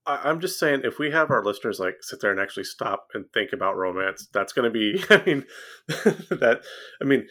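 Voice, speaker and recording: A man's voice: medium pitch, expressive, fairly quick, bright, forceful tone. A man hosting a podcast, chatting casually and laughing between thoughts.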